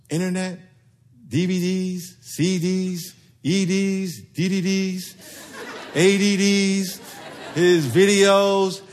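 A pastor preaching a sermon in a church, talking in a playful, conversational way and leading the congregation in call-and-response. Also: male voice, sits high. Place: church sanctuary.

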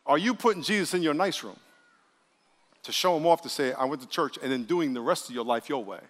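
A preaching pastor in a hall. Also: male voice, fairly high pitch, brisk. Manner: lively preaching, acting out quoted voices. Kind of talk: sermon. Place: church sanctuary. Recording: long reverb of a church hall.

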